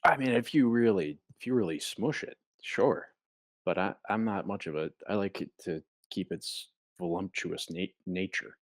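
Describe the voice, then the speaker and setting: A man's voice: deep voice, normal speed, no echo. A young man co-hosting a comedy podcast, telling rambling, playful stories in casual chat. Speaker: podcast co-host.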